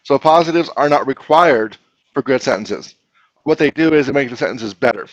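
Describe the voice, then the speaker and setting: A man's voice: mid-range voice, expressive, moderate pace, dry recording, rough recording. A man teaching a grammar lesson to a class, patiently explaining step by step and asking his students questions.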